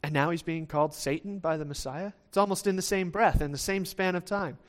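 A man with a fairly high voice preaches a sermon at a slightly fast pace, speaking conversationally. He often restarts phrases, checks in with listeners by asking "right?", and acts out the disciples' quoted lines in lively voices.

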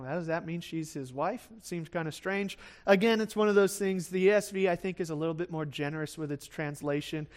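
A man with a high voice gives an expository sermon, reading a scripture passage aloud and then unpacking it. He talks in a relaxed, conversational way, with fillers and quick acted asides for the people in the story. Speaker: pastor.

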